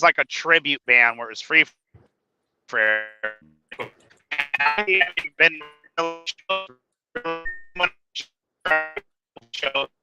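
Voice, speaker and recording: Man, truck-driver host, profane casual chatter, bright edgy voice, dull lo-fi line. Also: on the high side, clear, resonant tone, no room sound. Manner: profane, laughs often, stammers when telling a story. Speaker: podcast host. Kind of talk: casual chat. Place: truck cab, driving.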